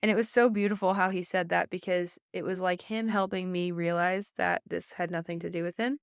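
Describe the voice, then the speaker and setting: A woman's voice: fairly low pitch, fairly even intonation, vocal fry, clean tone, dry recording, clean studio sound. A woman, a pageant coach hosting a podcast, talking in an emphatic, motivational way with lots of "like" and repeated phrases. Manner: fast, emphatic, faith-filled coaching with many "like"s and repeats.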